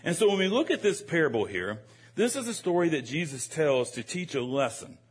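A man's voice: a little high, fairly quick, husky. A man preaching a sermon, telling a childhood story with jokes and speaking straight to the congregation. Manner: animated, joking, addresses the congregation directly.

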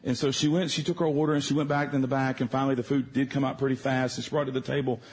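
A man preaching a sermon in a church service, telling a personal story in a conversational, animated way. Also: mid-range voice, rapid-fire, slightly rough.

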